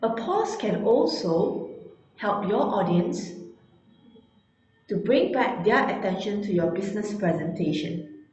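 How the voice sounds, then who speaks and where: A woman giving an instructional talk, deliberate and emphatic, slowing down to stress key words. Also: mid-range voice, animated, a little mellow, lo-fi sound, a little hiss or hum. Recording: very echoey room.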